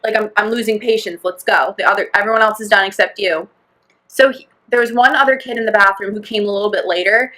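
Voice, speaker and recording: Bright, chatty young woman storyteller. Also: mid-range voice, fast talker. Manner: rambling, laughing, full of "like" and acted-out quotes. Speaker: podcast co-host. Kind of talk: casual chat storytelling.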